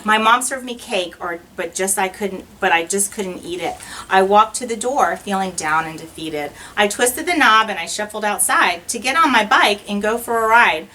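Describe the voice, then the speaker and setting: A woman teacher reads a rhyming picture book aloud in a bright, clear voice. Her pitch swings widely as she carries the verses with a sing-song lilt. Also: animated, moderate pace, distant mic, a little hiss or hum, poor audio.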